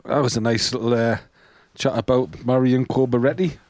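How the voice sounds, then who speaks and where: Brief: man, dry teasing co-host, middle pitch, dry close recording. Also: fairly even intonation, moderate pace, darkish tone, no echo. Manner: wry, teasing interjections. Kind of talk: casual chat.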